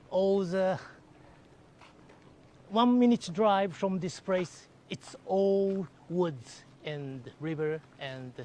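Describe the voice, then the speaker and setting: A man guiding a live-streamed walking tour outdoors by a lake. He speaks haltingly with many fillers, and sounds excited when greeting viewers. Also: sits high, a little hiss or hum. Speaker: live virtual tour guide.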